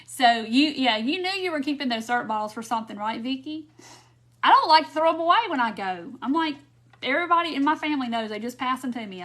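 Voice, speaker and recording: A woman's voice: on the high side, a bit bright. A woman hosting a casual live craft demonstration, chatty, laughing often and answering viewers' comments. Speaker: craft tutorial host. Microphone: phone or camera mic on a live stream.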